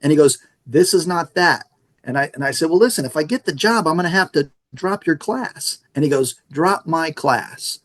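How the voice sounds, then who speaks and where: A man's voice: on the high side, normal speed. A middle-aged man, a radio station manager, telling stories in a casual interview and acting out the dialogue. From San Antonio area, Texas. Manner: animated storyteller acting out dialogue.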